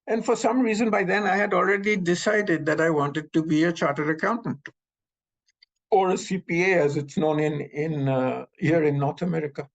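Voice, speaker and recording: Man, seventies, slightly high voice, gravelly, animated reminiscing storyteller. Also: normal speed, rough recording. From Pakistan. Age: 70s. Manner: animated storyteller, acts out quoted dialogue. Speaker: interviewee recounting memories. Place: North America.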